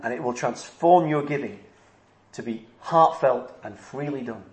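A man's voice: medium pitch, measured pace. A man preaching a sermon, earnest and emphatic, repeating his key phrases. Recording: echoey room.

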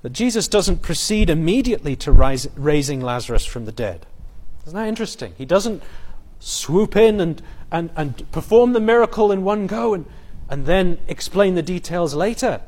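A man's voice: high voice, sing-song, normal speed. Earnest man preaching a sermon. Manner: earnest, builds emphasis, quotes scripture in a softer voice. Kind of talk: expository sermon.

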